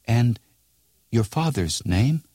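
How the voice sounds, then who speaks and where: A man voicing a bewildered old man who has lost twenty years, in a halting, pleading way. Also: medium pitch, animated, mellow, breathy edge, no echo, voice pushed up. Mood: faltering.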